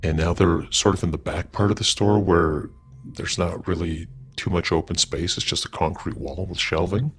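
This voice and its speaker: A man's voice: low voice, fairly even intonation, moderate pace, faint music behind. A man casually narrating a paranormal story in a loose, conversational way, with fillers and restarts.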